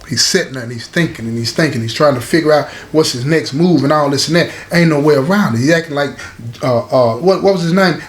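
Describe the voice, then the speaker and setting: A man telling a story casually and emphatically, repeating lines and speaking straight to his listeners. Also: sits high. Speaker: storyteller host. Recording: roomy echo, faint background hiss.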